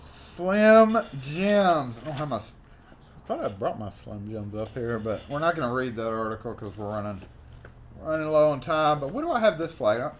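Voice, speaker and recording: A man's voice: mid-range voice, moderate pace, slight background noise. A man hosting a live stream, reading old magazine letters aloud with theatrical flair and joking asides. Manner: animated, jokey, theatrical reading. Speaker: host.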